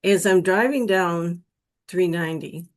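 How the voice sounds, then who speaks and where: Slow-spoken woman sharing a testimony. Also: fairly low pitch. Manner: slow, earnest, emotional retelling. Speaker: guest telling her near-death experience. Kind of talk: personal testimony storytelling.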